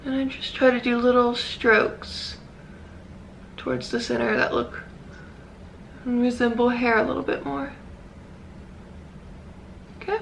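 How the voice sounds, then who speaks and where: A woman's voice: on the high side, level tone, a little slow, creaky, pauses often, slight background noise. A young woman chatting casually through a makeup tutorial, full of "like"s and "um"s. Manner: chatty, many "like"s and "um"s, self-deprecating. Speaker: beauty vlogger.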